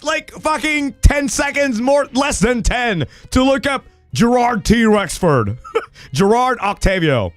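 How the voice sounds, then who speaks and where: Man in his 30s, casual stream chat, high voice, very lively swings in pitch, swears a lot, dry close sound. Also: a little slow, dry recording, soft background music. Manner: excitable, swears often, bursts into shouted rants and laughter.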